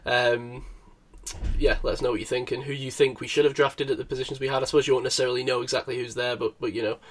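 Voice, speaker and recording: A man's voice: medium pitch, little pitch movement, fast talker, husky. A man hosting a casual podcast chat, upbeat and teasing his co-host.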